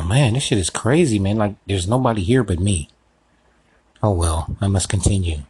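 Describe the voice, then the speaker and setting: A man's voice: low-pitched, a little mellow, breathy edge, rough recording. A man hosting a comedic solo podcast sketch, rambling and swearing as he talks to himself. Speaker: podcast host.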